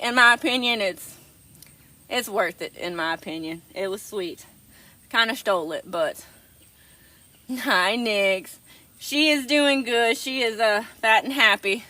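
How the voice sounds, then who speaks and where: Lady chatting on a livestream, kinda high, bright voice, calls everyone darling. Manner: affectionate, calls viewers darling. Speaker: livestream host. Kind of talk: casual livestream chat with viewers.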